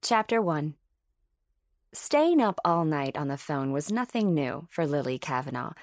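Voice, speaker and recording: Audiobook narrator, woman, low-ish and dry, steady storyteller. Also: unhurried, no echo. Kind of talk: scripted narration.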